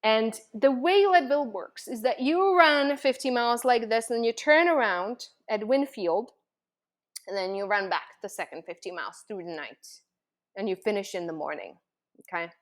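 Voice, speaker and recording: A woman's voice: on the high side, animated, normal speed. A woman host telling a personal story in an earnest, emotional way, with lots of fillers and restarts.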